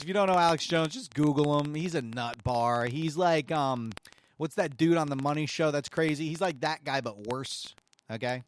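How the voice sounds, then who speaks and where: Casting: male host, sarcastic profane rant, lively high-ish pitch. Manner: sarcastic, swears freely. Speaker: podcast host.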